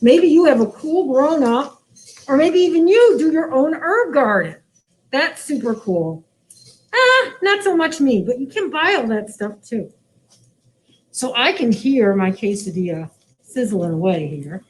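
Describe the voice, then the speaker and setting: Lively sing-song woman teaching kids. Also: high voice, measured pace, slight background noise. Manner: cheerful, sing-song, talks to children. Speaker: children's librarian. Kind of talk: cooking demo for kids. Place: library lounge.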